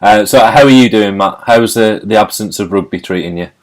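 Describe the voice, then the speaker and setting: A man hosting a casual online chat, jokey and quick to laugh. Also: lowish voice, a little hiss or hum. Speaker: host. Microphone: video call.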